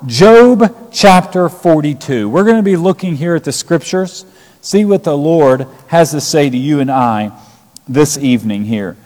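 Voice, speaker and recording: Male preacher, slightly raised pitch, emphatic scripture retelling, long hall reverb. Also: lively intonation, unhurried, darkish tone. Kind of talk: sermon.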